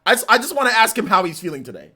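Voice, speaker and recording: A man's voice: sits high, big pitch swings, very fast, pushed and bright. A man hosting a livestream, chatting casually with viewers and teasing them in mock anger. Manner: playful mock-angry teasing of chat. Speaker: livestream host.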